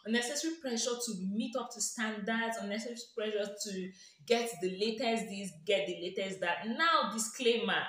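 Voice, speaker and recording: A female lifestyle vlogger with a Nigerian accent gives playful, sarcastic advice, teasing and laughing often. Her voice is medium-pitched and fairly bright, recorded in a very echoey room.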